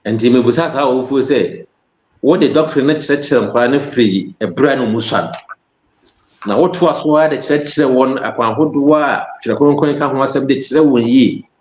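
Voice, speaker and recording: A man's voice: mid-range voice, normal speed, echoey room. A man with a Ghanaian accent preaching a sermon, switching between Twi and English phrases.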